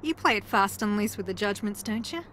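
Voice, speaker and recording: Actress doing a deadpan, teasing game contestant from New Zealand, mid-pitched, sarcastic. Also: female voice, fairly quick, slight background noise, close to an everyday voice. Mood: wry. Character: wry, sarcastic female reality-TV contestant, former aerialist. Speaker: reality show contestant. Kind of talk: video game voice acting.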